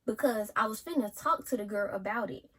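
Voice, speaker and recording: A young woman telling a storytime in a casual, animated way and acting out what people said. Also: fairly high pitch, a little fast, slightly rough. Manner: animated retelling, acts out quotes, yells some lines. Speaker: vlogger.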